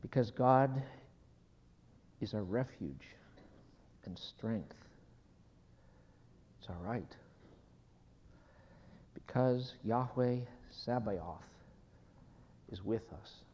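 A man preaching a sermon, telling a personal story slowly and dropping at times to a hushed whisper before leading a prayer. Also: medium pitch. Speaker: pastor. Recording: dull sound in a hall with long reverb.

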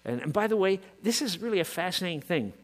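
Male pastor, lively and animated sermon delivery, hall reverb, light hum. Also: high-pitched, fast talker. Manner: impassioned, rising to shouts, rhetorical questions.

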